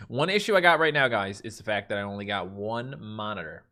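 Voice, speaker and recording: A man's voice: on the low side, lively intonation, fairly quick, pushed and bright. Chatty man with a Newfoundland accent. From Newfoundland, Canada. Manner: chatty, reads and answers viewer chat. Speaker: livestream host. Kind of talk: casual livestream chat. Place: mostly empty room with carpet.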